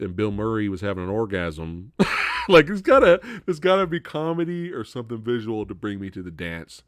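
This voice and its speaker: A man hosting a live Q&A stream, chatting casually, swearing freely and laughing loudly. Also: on the low side, no room sound, studio quality.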